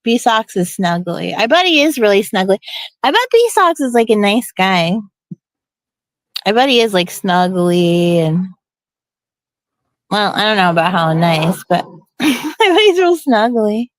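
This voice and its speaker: A woman's voice: medium pitch, big pitch swings, a little slow, long pauses, no echo. A middle-aged woman from Portland hosting a casual chat, blunt and profane, laughing often. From Portland, USA. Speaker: host.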